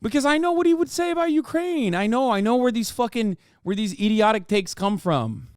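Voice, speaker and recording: A man with a high, smooth, resonant voice rants hard on a livestream. He is profane and exasperated, and often mocks his critics in put-on voices. The sound is dry and close-miked. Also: lively intonation, brisk, no echo. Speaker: streamer reacting to a video. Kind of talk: heated livestream rant.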